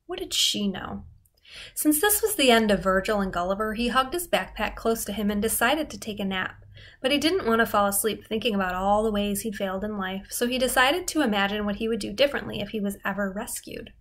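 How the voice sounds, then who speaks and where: A woman reading a novel aloud chapter by chapter, with steady, expressive storytelling. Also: mid-range voice, fairly quick. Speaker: reader.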